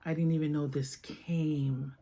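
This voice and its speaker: A woman chatting casually while unboxing toys, soft-spoken and gushing, often dropping to a whisper. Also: low voice, level tone, measured pace. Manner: gushing over each toy. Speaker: toy collector vlogger.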